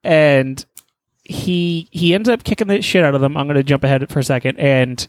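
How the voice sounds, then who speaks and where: Man with a higher voice, animated storyteller, dry close recording. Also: moderate pace, no room sound. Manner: animated storytelling, swears often, laughs. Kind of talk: casual chat.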